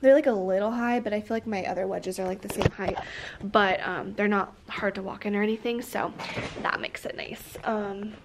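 Against a noisy background, a twentysomething teacher talks at a normal speed in a steady, medium-pitched voice. Vlogging casually from her classroom, she's upbeat and full of fillers, sounding congested from allergies.

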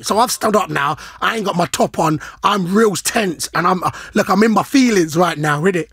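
A middle-aged man, co-hosting a podcast in casual chat, animated and slangy, acting out the people in his stories. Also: high-pitched, moderate pace, creaky, hardly any pauses, slightly rough, dry recording, studio quality. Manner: animated, slangy, acts out quoted lines. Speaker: podcast co-host, former footballer.

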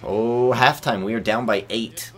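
A young man commentating his own basketball video game, excitable, often bursting into yells and laughter. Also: mid-range voice, a little slow.

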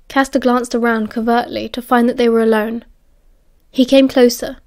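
A woman's voice: a little high, level tone, a little slow, darkish tone. British woman narrating an audiobook.

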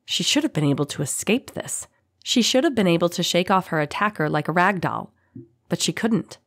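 A woman narrating a fantasy audiobook in a dramatic, expressive reading. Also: on the low side, brisk, no echo, clean studio sound.

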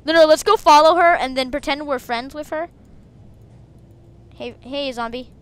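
A woman hosting a game video, chatting casually and breaking into excited shrieks. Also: sits high, moderate pace, a little hiss or hum. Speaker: gaming video host. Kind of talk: casual gameplay commentary.

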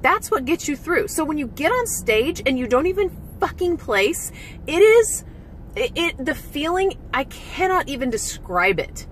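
Animated, candid woman vlogger with lively pitch. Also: measured pace, a little hiss or hum, rough recording. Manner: candid and emotional, swears, many "like" fillers. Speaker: vlogger and former physique competitor. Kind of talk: candid personal vlog.

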